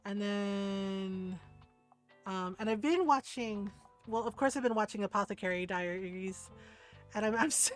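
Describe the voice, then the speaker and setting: A woman's voice: medium pitch, unhurried, faint music behind. A woman streamer chatting casually while playing a game, gushing and rambling with lots of "like" and "right?". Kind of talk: casual chat while gaming.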